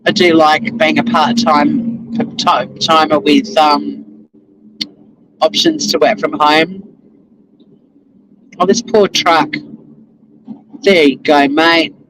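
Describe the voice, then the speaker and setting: A woman's voice: low-pitched, fairly even intonation, takes it slowly, pauses often. Chatty Australian woman talking while driving. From Tasmania, Australia. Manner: chatty, rambling, laughs often. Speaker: vlogger. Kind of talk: casual chat while driving. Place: inside a moving car. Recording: car road noise.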